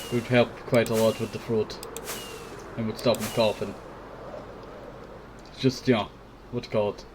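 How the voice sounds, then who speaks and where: A man's voice: on the low side, little pitch movement, moderate pace, noisy background. A sick man with a cough, rambling casually while commenting on his own gameplay. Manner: rambling, keeps saying "I tell you". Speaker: gameplay video host.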